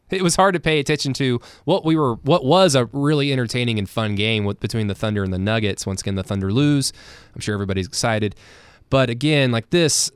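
A man's voice: medium pitch, clear, resonant tone, dry recording. A man co-hosting a post-game sports podcast in casual, joking chat, recapping plays with fillers and restarts. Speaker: podcast co-host.

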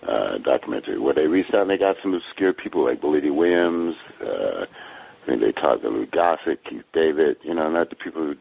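Very deep, husky older man, joking. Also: expressive. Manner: joking, storytelling, drawn-out delivery. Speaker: actor, guest. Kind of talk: casual chat. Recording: dull lo-fi podcast audio.

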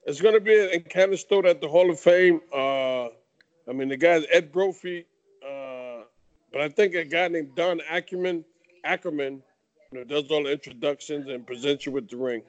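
An older man from New York tells stories in a loose, animated way, full of fillers and asides. His voice sits a little higher than most men's. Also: normal speed, highs cut off. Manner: animated anecdotal talk with fillers. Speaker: retired boxer guest. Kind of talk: casual interview storytelling.

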